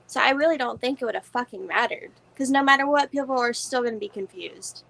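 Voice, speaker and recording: A woman's voice: fairly high pitch, a little fast, creaky, few pauses, fairly bright tone, poor audio. A woman guest in a casual watch party chat, talking chattily with lots of "like" and swearing. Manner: chatty, swears, heavy use of "like".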